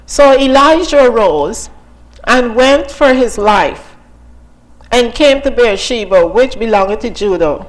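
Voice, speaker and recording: A woman's voice: on the high side, expressive, slow pace, rough recording. A woman giving an informal sermon and testimony as a Bible teacher, talking conversationally with many asides and questions to her listeners.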